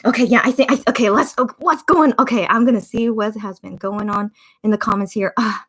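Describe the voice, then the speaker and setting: Streaming a watch party, a gushing young woman reacts with fans, getting emotional, chatting away, and reading out chat comments. She talks fairly quickly in a high-ish voice that's a bit bright and slightly rough.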